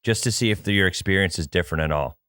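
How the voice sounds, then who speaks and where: A man's voice: sits low, racing, fairly bright tone, smooth, no room sound, clean studio sound. A man co-hosting a casual golf podcast, asking pointed, dryly skeptical questions. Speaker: podcast co-host.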